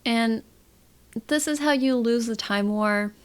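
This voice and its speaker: A young woman chatting casually about books she read, laughing often and reading quotes aloud softly. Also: fairly high pitch, takes it slowly, clear, resonant tone. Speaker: book vlogger. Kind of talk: casual book chat to camera.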